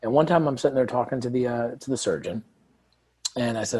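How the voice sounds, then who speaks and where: A man's voice: medium pitch, a little fast, slightly rough. A man who is a guest author in an interview, telling stories and acting out quoted dialogue. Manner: animated storyteller, acts out quoted dialogue. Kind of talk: conversational interview.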